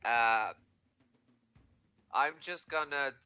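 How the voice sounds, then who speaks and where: Male player, very bright forceful tone, casual and halting. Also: medium pitch, clean tone, dull audio. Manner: hesitant, full of fillers. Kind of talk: casual tabletop gaming chat.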